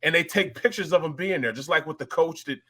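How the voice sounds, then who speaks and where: A man's voice: fairly high pitch, fast, pushed and bright. A man from St. Louis hosting casual sports talk, laid-back and rambling. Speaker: host.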